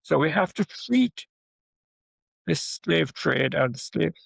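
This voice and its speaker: An older Jamaican man, a guest professor in a conversational interview, speaks in a gravelly, husky voice pitched slightly high. He's an animated storyteller who keeps tossing in quick asides like "right?" to his listener. The recording is close and dry, with no room sound or echo.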